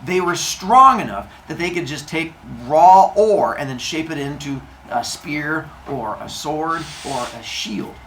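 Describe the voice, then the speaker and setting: Man telling a comic myth to kids, lively swooping pitch, jokey, noisy room. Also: unhurried, few pauses. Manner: animated, jokey, acts out voices. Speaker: storyteller for kids. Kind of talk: comic myth retelling to a live audience.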